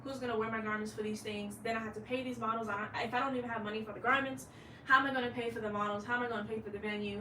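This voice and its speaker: A woman's voice: fairly high pitch, sharp tone, roomy sound, far from the mic, a little hiss or hum, rough recording. A woman in her late twenties, a fashion designer, talking candidly in a rambling vlog monologue and swearing freely. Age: late 20s.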